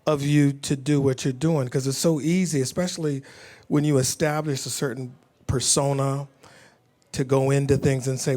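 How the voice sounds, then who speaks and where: A man's voice: mid-range voice, steady tone, normal speed, a little mellow. A man chatting playfully in an interview, teasing and laughing with his castmates. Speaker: actor. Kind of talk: casual interview chat.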